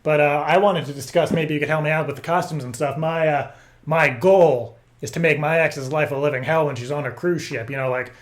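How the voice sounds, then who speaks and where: A man making a prank phone call, rambling and stammering through deadpan absurd stories. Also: on the high side. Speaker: prank caller.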